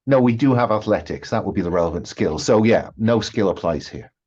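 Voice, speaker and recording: A man narrating a tabletop game as game master, with many pauses and restarts. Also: lowish voice, expressive, darkish tone, husky, dull audio. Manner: hesitant, many ums and restarts.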